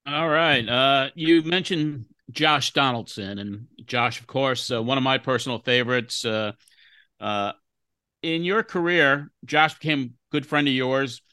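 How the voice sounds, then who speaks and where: A man's voice: mid-range voice, measured pace, sharp tone, clear, resonant tone, dry recording. A man co-hosting a podcast, asking a question hesitantly with many fillers. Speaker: podcast co-host. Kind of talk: interview question.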